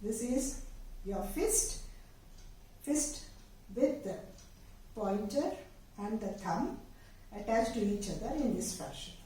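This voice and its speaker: A woman teaching dance steps, explaining patiently with pauses and fillers as she demonstrates. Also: a little high, expressive, mellow. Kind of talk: step-by-step dance instruction. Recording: very echoey room, voice far from the mic, faint noise.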